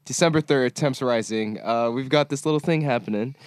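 A man's voice: mid-range voice, a little fast, clear, resonant tone, no echo, clean studio sound. A man co-hosting a podcast, chatting loosely and laughing often, with casual swearing. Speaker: podcast co-host. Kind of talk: casual chat.

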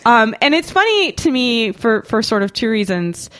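A woman's voice: fairly high pitch, sing-song, normal speed, fairly bright tone. A woman hosting a podcast with playful, teasing chatter. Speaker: podcast host. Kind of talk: casual podcast chat.

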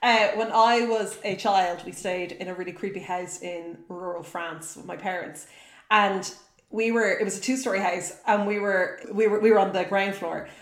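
A woman's voice: medium pitch, steady tone, normal speed, reverberant. A woman co-hosting a podcast, telling stories in casual chat and laughing often. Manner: chatty storytelling, laughs often. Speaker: podcast co-host.

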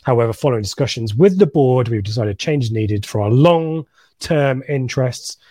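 A man's voice: medium pitch, expressive, normal speed, dark tone, dry recording, studio quality. Chatty man hosting a football talk show. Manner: chatty, jokey, reads listener comments. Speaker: podcast host. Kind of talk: casual football fan chat.

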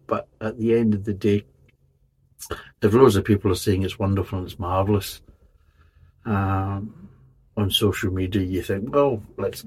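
A man's voice: lowish voice, husky. A man giving a casual spoken beer review, blunt and rambling, swearing often in exasperation.

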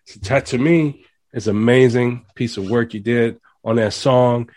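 Man, radio host, casual interview, animated, preachy, builds emphasis. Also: mid-range voice, unhurried.

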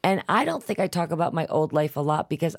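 A woman's voice: low voice, lively intonation, quick pace, vocal fry, no room sound, studio quality. A woman being interviewed, chatting in a blunt, assertive, outspoken way. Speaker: interview guest. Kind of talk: casual chat.

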